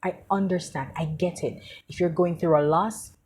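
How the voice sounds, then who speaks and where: A woman's voice: fairly low pitch, steady tone, moderate pace, a little mellow, breathy edge. A woman vlogger speaking heartfelt and emotional in a personal monologue, grieving and tearful, often repeating herself.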